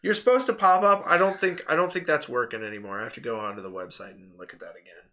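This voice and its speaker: Bright-voiced rambling male stream host. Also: mid-range voice, fast. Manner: rambling, laughs often, lots of fillers and retold anecdotes. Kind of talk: casual chat on a live stream.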